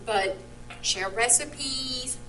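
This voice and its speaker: A woman's voice: sits high, drawn-out words, pushed and bright, faint music behind, poor audio. A woman guest chatting casually while tasting food, gushing and laughing often.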